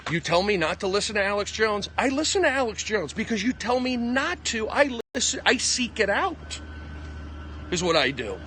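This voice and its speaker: A male comedian ranting in a rambling live stream monologue, combative, with jumpy pitch, recorded on a phone outdoors on a city walk. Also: very animated, normal speed, bright, forceful tone, slight background noise. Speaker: comedian livestreaming. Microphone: phone at arm's length.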